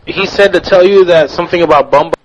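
A man voicing a belligerent loudmouth Southern American man who picks fights. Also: sits high, fast talker, lo-fi sound, natural voice. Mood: confrontational. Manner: pushy, picks fights, calls people buddy.

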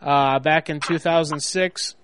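A man's voice: fairly high pitch, steady tone, unhurried, clean tone. A man hosting a prank call show, taunting and crude, brash in his banter. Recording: dull lo-fi recording with loud crowd.

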